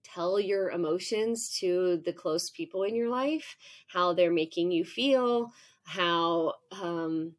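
A woman's voice: lowish voice, slow. A woman in her forties, a professor speaking as a podcast guest, explaining in a frank, self-mocking way and acting out her own outbursts. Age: 40s. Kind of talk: candid conversational explaining.

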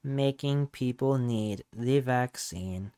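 A man's voice: mid-range voice, takes it slowly, mellow, clean tone. A man hosting a casual podcast, rambling and hesitant, often trailing off mid-thought. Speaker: podcast host.

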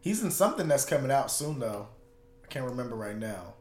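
A man's voice: medium pitch, big pitch swings, fairly quick, darkish tone. A man co-hosting a podcast, tossing in dry teasing quips and laughing between them. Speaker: podcast co-host. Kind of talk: casual podcast banter. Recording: echoey room.

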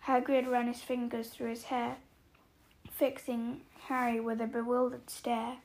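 A woman narrating a storybook aloud in a measured, expressive reading. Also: a little high, poor audio.

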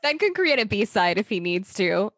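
A woman co-hosting a casual podcast chat, expressive and lively, with frequent swearing and fillers. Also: mid-range voice, normal speed, no room sound.

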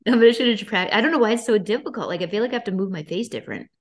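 A woman from Boston hosting a casual podcast interview, chatty and energetic, laughing often. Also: medium pitch, racing. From Boston, US East Coast. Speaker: podcast host.

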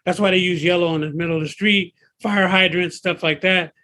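A man in his fifties, a personal trainer, talking in an excitable, emphatic way and often repeating himself. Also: high-pitched, a little fast. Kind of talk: casual interview talk.

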